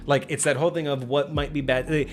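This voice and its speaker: A man's voice: fairly high pitch, flat delivery, quick pace, music in the background. A man hosting a casual tabletop gaming livestream, rambling and restarting his sentences, with "like" in nearly every line. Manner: rambling, heavy use of "like" and restarts. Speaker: host of a tabletop gaming stream.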